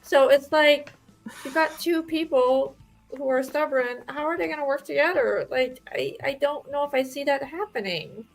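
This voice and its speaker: Higher voiced woman musing on a book podcast, kinda hesitant. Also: normal speed, vocal fry, soft background music, rough recording. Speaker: podcast co-host. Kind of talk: casual chat.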